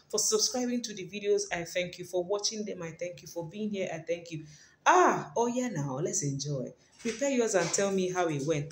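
A woman hosts a cooking demonstration from her home kitchen, chatting playfully and talking straight to her viewers. Her voice sits in a middling pitch range, and the room around her is echoey. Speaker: cooking channel host.

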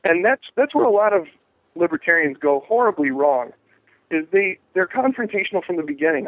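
A man's voice: high voice, fairly quick, dry recording. A talkative man on a tinny phone line. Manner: animated, acts out quoted voices, many restarts. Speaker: jury rights activist, guest. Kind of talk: interview over phone.

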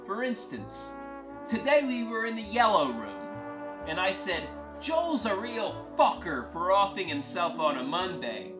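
A woman telling a crude, wry first-person comic story in a deadpan way. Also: medium pitch, measured pace. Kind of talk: first-person comic monologue over music. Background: acoustic guitar music.

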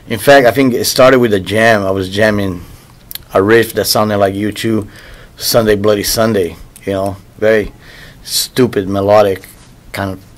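Musician interviewee, male, a bit low in pitch, loose and rambling. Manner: loose, rambling, repeats words while searching for them. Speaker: musician interviewed about his album. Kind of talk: casual interview talk.

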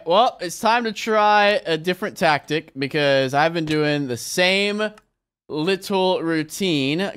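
A young man giving casual gameplay commentary as a video game creator, excitable and quick to burst into shouts and exclamations. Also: on the high side, smooth. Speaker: gaming YouTuber.

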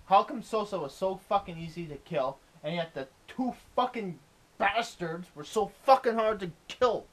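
A man commenting on a video game as he plays, swearing a lot and ranting in frustration. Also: high voice. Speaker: let's play gamer.

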